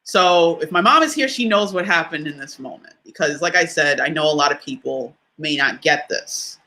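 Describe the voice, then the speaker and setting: A woman's voice: low voice, expressive, normal speed, pushed and bright. A woman motivational speaker telling a personal story on a livestream, candid and conversational, close to tears and laughing through it. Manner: candid, conversational, addresses listeners directly.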